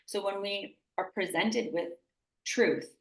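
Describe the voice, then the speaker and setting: Gravelly-voiced woman host, echoey and distant. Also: medium pitch, slow. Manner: enthusiastic, filler-heavy with frequent "like", emphatic. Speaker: podcast host. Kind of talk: casual conversational interview. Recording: echoey room, distant mic.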